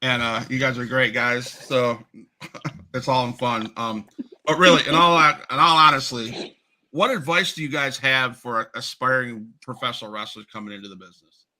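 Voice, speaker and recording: A male podcast host asks his guests questions in an easygoing, joking manner. His voice is very bright and sharp, and his pitch sits in a middle range. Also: steady tone, normal speed. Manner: joking, laid-back questioner. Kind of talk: casual interview chat.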